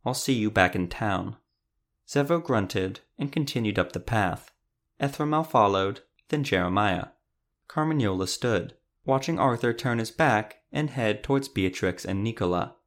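A man narrating a fantasy audiobook in a steady storytelling manner. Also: on the low side, moderate pace.

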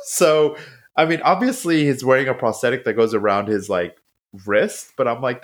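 A man co-hosting a podcast, recapping a show in casual chat, swearing freely and acting out the characters' lines. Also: moderate pace. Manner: animated, profane, acts out quotes in high voices. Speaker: podcast co-host.

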